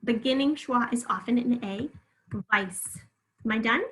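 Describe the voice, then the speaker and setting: A woman's voice: fairly high pitch, a little fast, fairly bright tone, low-quality recording. A woman teaching a spelling lesson, patiently sounding words out syllable by syllable and encouraging the listener.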